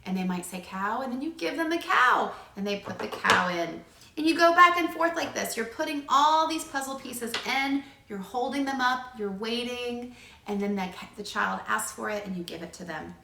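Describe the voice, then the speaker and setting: Woman speech therapist coaching parents, bright, fairly high voice, explanatory with playful animal-sound modeling, echoey room. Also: animated, normal speed, vocal fry, slight background noise. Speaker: speech-language pathologist. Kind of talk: demonstrating play strategies to parents.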